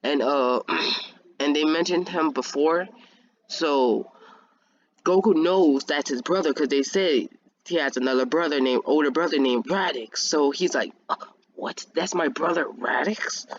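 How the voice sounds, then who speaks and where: Young guy, fan storyteller, rambling and self-amused; higher voice, muffled lo-fi home mic. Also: unhurried. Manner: rambling, many restarts, laughs at himself. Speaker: fan video creator.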